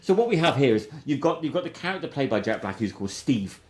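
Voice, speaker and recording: A man's voice: medium pitch, big pitch swings, fast talker, darkish tone. A man hosting a film review podcast, rambling and enthusiastic in casual chat, with frequent restarts. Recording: roomy echo.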